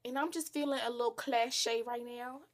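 A young woman talks straight into her camera in a loose, slangy vlog style. Her voice sits a little high, and she teases herself as she chats along. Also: steady tone, moderate pace. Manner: playful, chatty, slangy and self-teasing. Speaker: vlogger. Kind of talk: casual vlog chat to camera.

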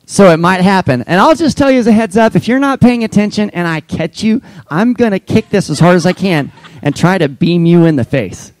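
A man's voice: sits high, lively intonation, a little fast, no room sound, low-quality recording. A male pastor giving playful, teasing church announcements to his congregation.

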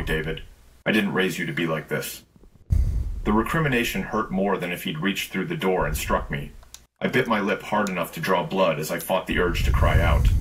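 Male narrator for a scripted horror read, low register, measured and tense. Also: a little hiss or hum, low-quality recording.

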